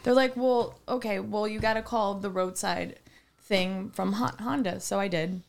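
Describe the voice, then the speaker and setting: A woman co-hosting a podcast, telling a story in casual chat, animated and laughing as she acts out what people said. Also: medium pitch, unhurried, vocal fry, a loud crowd. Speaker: podcast co-host.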